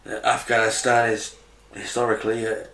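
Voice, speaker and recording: A man's voice: fairly low pitch, flat delivery, normal speed, vocal fry, a bit bright, echoey room. A man co-hosting a podcast in casual chat, easygoing and trusting. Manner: easygoing, trusting, says "innit". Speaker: podcast co-host.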